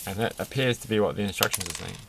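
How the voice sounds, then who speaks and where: A man's voice: fairly low pitch, fast, vocal fry, very noisy. A man rambling through a toy build with self-mocking, off-the-cuff commentary, laughing at his own jokes. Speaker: toy reviewer building a set.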